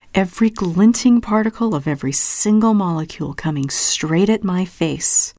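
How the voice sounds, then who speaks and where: A woman's voice: mid-range voice, no echo, clean studio sound. A woman reading literary fiction aloud with intense, vivid delivery. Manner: intense, drops to a hushed whisper at moments. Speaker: reader.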